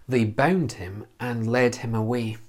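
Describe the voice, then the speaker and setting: A man's voice: mid-range voice, measured pace. A man giving a verse-by-verse Bible teaching, earnest and explanatory, asking questions and answering them himself.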